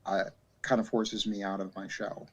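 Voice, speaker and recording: Low-voiced man, halting casual talk. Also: level tone, breathy edge. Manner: halting, many "uh" fillers and repeated starts. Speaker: game master. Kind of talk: casual chat.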